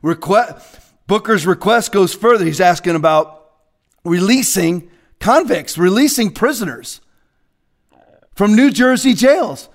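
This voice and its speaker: A man preaching as a pastor in a fiery, confrontational rant, swinging between shouting and hushed asides. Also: high voice, lively intonation, unhurried, long pauses.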